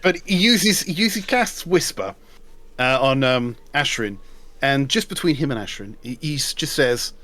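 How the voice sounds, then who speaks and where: A man playing a tabletop game, playful and lively as he describes his character's moves. His pitch leaps around a lot. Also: unhurried. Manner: animated, playful. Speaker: player. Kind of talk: tabletop role-play chat.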